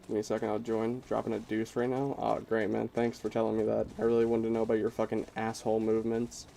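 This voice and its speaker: Mellow-voiced young guy streaming a game. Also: on the low side, monotone, quick pace, creaky, a little hiss or hum. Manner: crude, joking, swears often; self-mocking, giggly banter. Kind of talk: casual gaming commentary.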